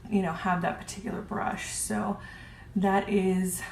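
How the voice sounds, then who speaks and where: A woman's voice: mid-range voice, little pitch movement, measured pace, gravelly. A woman casually reviewing her makeup brushes, gushing and chatty with lots of ums. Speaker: beauty vlogger. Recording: roomy with faint hiss.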